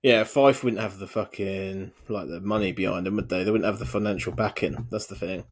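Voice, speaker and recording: A man's voice: sits low, fairly even intonation, brisk. A man co-hosting a podcast, bantering in laid-back, sweary slang. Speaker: podcast co-host. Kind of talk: casual chat.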